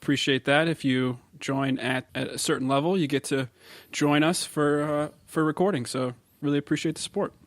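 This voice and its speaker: A man's voice: on the high side, fairly even intonation, fairly quick, few pauses, no echo. A man co-hosting a casual podcast, reading news headlines aloud and laughing easily. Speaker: podcast co-host.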